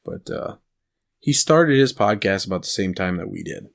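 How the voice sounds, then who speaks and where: A man's voice: low voice, expressive, moderate pace, creaky. A man co-hosting a podcast, chatting casually and rambling through stories while laughing at them. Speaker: podcast co-host. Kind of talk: casual chat.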